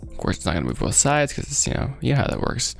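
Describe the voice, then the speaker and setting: A man's voice: mid-range voice, very animated, fast talker, vocal fry, soft background music. A young man rambling casually and laughing often while he works on a 3D model and chats with viewers. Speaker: 3D artist streaming his work. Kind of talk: casual live chat while working.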